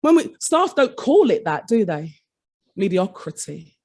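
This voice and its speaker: A woman's voice: medium pitch, very animated, a little slow, darkish tone. A middle-aged woman, a former head teacher giving a conference keynote, telling a story and acting out the voices of her staff. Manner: dramatic, acts out quoted staff in shifting voices. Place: conference hall.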